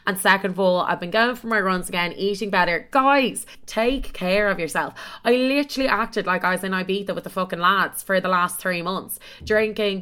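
A woman's voice: mid-range voice, sharp tone. A young Irish woman in her twenties hosting a casual solo podcast, telling stories in a chatty, dramatic, self-mocking way and swearing often. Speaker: podcast host.

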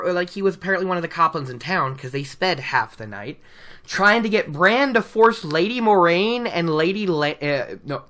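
Sharp-toned and medium in pitch, this podcast host chattily recaps a novel from notes. Laughter breaks up the asides, and the host keeps cutting in on their own sentences.

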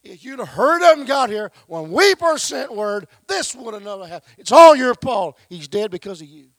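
A man preaching, voicing a grieving sister who loudly blames the Lord, his voice pushed high and shrill. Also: lively intonation, slow pace, vocal fry, dry recording, full character voice. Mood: accusing. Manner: shrill, loud, reproachful.

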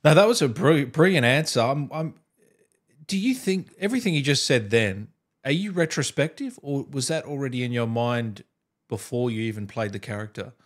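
A man's voice: mid-range voice, lively intonation, normal speed. A man hosting an interview, talking casually and with enthusiasm. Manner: enthusiastic, informal. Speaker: podcast host.

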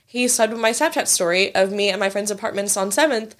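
A young woman in her twenties tells a story in loose, chatty conversation. She swears freely and slips into quick impressions of the people she quotes, in a voice of ordinary pitch. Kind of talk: casual storytelling chat.

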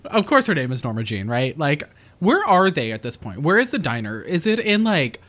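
A podcast co-host talking casually about a film, animated and laughing, full of "like" and quick asides. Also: mid-range voice. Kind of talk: casual movie review chat.

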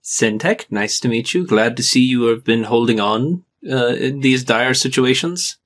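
A man playing a tabletop role-playing game, polite and measured. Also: mid-range voice, fairly bright tone. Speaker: player.

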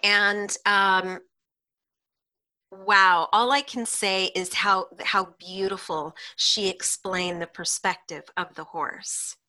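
A woman guest, a hypnotherapist, telling client stories in an animated way on a podcast and laughing often between lines. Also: mid-range voice, takes it slowly. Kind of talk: podcast interview storytelling.

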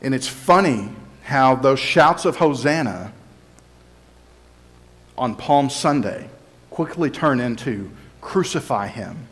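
A man's voice: mid-range voice, expressive, slow pace, long pauses, fairly bright tone. A male pastor giving a conversational, explanatory sermon and teaching from scripture, sometimes voicing the crowd and Pilate in quotes.

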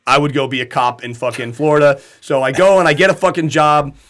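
A man co-hosting a casual podcast, telling profane, animated stories and laughing often. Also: on the high side, quick pace.

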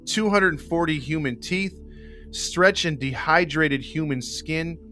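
A man's voice: fairly high pitch, slow, faint music behind. A man hosting a live podcast, reading a true-crime case in casual chat and laughing between passages. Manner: laughs often, breaks into loud joking voices. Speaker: podcast host.

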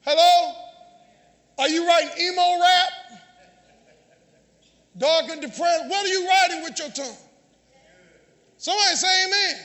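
A man preaching a sermon as pastor, calling out to the congregation and often shouting. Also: very high voice, measured pace, pauses often. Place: church sanctuary. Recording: long church hall reverb.

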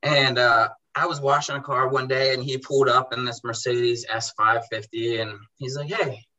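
A young man who runs a car detailing business, telling animated stories in casual chat and acting out dialogue in quotes. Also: mid-range voice, normal speed, rough recording. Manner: animated, acts out dialogue in quotes, says bro and dude. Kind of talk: casual storytelling in a podcast chat.

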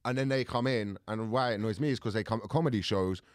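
Fast-talking low-voiced man. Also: no echo, studio quality. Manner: quick, rambling banter with slang. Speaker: podcast co-host and comedian. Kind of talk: casual podcast chat.

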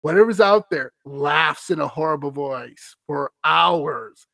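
A man's voice: fairly high pitch, animated, takes it slowly, gravelly, pushed and bright, dry recording. A man hosting a podcast, reading a scary story aloud and breaking off for wry, amused asides. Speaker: podcast host.

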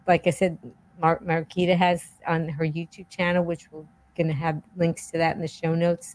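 Low-voiced woman hosting a chat show. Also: darkish tone, no room sound, poor audio. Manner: chatty, with frequent restarts. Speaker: podcast host. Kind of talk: casual interview chat.

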